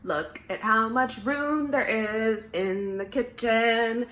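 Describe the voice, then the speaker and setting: A woman with a raspy, slightly smoky voice, speaking slowly and unhurriedly. She gushes with excitement and swears casually while walking through her new apartment. She is filming it all on a handheld phone. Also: fairly high pitch. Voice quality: raspy, smoker-like. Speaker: partner showing the new home. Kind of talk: casual home video tour.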